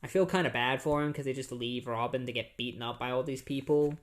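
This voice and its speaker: A man's voice: medium pitch, fast. A young man hosting a podcast, casually recapping a comic book in a rambling way, full of fillers. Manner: rambling, filler-heavy, easygoing. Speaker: podcast host.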